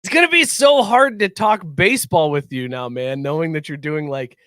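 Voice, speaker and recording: A man's voice: on the high side, normal speed, sharp tone, slight background noise. A man hosting a casual podcast, laughing often and telling eager stories. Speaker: podcast host.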